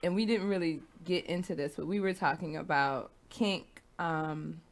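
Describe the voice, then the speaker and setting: A woman's voice: low-pitched, normal speed. A woman hosting a radio talk show, casual and frank, laughing often. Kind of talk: casual chat. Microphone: studio microphone.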